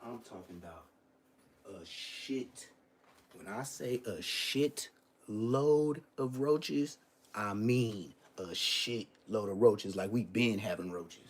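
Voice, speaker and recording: A man's voice: on the low side, slow pace, husky. A man telling a story on a casual live stream, profane and emphatic, repeating street oaths.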